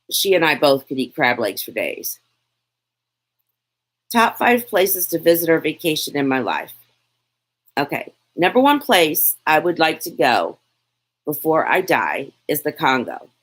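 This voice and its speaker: Chatty woman, low slow voice. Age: 40s. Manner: chatty, lively, laughs often, reads comments aloud. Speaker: lifestyle vlogger, live Q&A host. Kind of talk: casual live-stream chat answering viewer questions. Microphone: phone.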